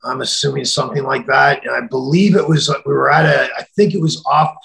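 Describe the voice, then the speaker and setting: A middle-aged man telling a story in an interview, acting out the quoted voices and sometimes shouting them. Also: medium pitch, steady tone, fairly quick, creaky, poor audio. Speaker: interview guest.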